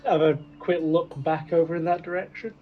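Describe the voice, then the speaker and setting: A man playing a tabletop game and describing his actions in a dry, deliberate way. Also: fairly high pitch, fairly even intonation. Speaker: player. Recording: dull call audio with faint music.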